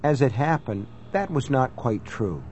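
A man narrating a first-person novel in a measured, reflective reading. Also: mid-range voice, expressive, a little mellow, slight background noise. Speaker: audiobook narrator.

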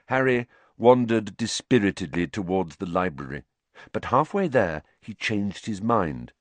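A man narrating an audiobook, reading with lively character work. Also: lowish voice, a little slow, no room sound.

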